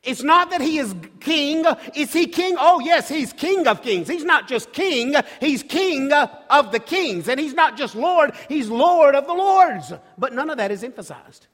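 High-voiced man preaching in an echoing hall. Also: expressive, measured pace, few pauses. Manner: emphatic preaching with repeated rhetorical questions and sudden drops to a hush. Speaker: pastor. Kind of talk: sermon.

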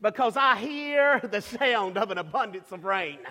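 A male preacher voicing an older prophet who insists, rising to shouts, with long hall reverb. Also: sits high, lively intonation, unhurried, pitched below the performer's own voice, exaggerated voice. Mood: insistent. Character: determined old prophet, praying and insisting.

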